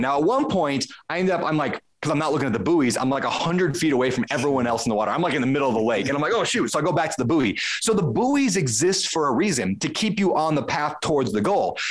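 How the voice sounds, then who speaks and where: A man, a podcast guest, telling a casual story in conversation, acting out his own thoughts with frequent restarts. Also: a little high.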